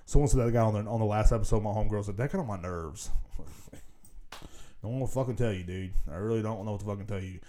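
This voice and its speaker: A man in his thirties hosts a podcast, delivering a casual, profane solo rant that rambles as he laughs at his own jokes. His pitch is fairly low and his tone steady and mellow, he talks fast, and there's a little hiss or hum.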